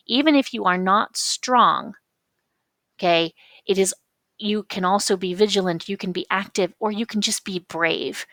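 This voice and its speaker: A woman teacher explaining figures of speech patiently, reading quotations slowly and with emphasis. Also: fairly low pitch, a bit bright, no echo. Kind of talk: recorded lecture on figures of speech.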